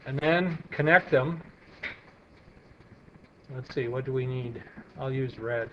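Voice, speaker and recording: A man's voice: medium pitch, slow pace, bright, forceful tone, roomy sound. A male math teacher giving a classroom lecture, explaining steps as he draws and asking students questions. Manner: walks students through steps, asks them questions. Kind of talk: classroom lecture while drawing on the board. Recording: dull lo-fi classroom recording with faint hiss.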